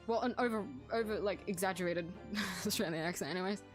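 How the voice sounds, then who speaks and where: A woman's voice: medium pitch, fast. A woman playing through a story game, reading its dialogue aloud and breaking off to comment casually, with swearing and laughter. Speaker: gaming streamer. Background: soft background music.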